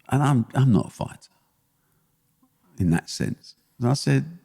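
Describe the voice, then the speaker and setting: A man's voice: medium pitch, animated, moderate pace, creaky, a little mellow, big-room sound. An older man with an East London accent, a guest telling blunt, punchy stories in a podcast interview. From England. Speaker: guest, sports promoter.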